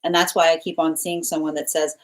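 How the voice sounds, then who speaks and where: A woman's voice: fairly quick, low-quality recording. Rambling woman giving a tarot reading. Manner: rambling, repeats phrases, restarts often; bursts into laughter and animated pitch jumps. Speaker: tarot reader. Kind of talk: live tarot reading monologue.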